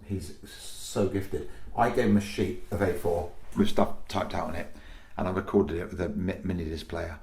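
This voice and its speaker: Comedian guest, male, low-ish voice, lively storyteller who acts out lines; roomy recording. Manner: animated storytelling, quick to act out voices. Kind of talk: casual podcast interview. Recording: echoey room.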